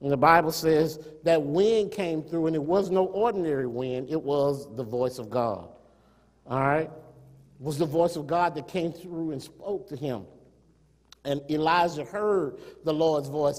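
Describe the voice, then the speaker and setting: A man preaching a sermon, firing rhetorical questions at the congregation, swelling to emphatic peaks and then dropping to quiet asides. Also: fairly high pitch, measured pace. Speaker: pastor. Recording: long hall reverb.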